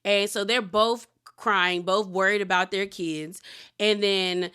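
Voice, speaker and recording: A woman giving a casual, animated recap of a reality TV episode, chatty and exclaiming as she acts out quotes. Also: mid-range voice, takes it slowly, smooth.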